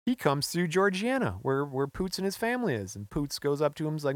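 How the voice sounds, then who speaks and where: A man co-hosting a podcast, relaxed as he recounts a history story and laughing often. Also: a little high, brisk, hardly any pauses, no echo, studio quality. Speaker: podcast co-host. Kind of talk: casual storytelling chat.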